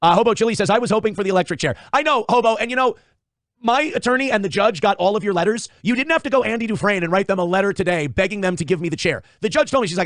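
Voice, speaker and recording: Fast-talking profane male livestreamer. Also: high voice, fairly bright tone, no room sound, clean studio sound. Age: adult father of young children. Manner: rambling, profane, self-interrupting. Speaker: livestream host. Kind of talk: casual livestream chat reading viewer donations.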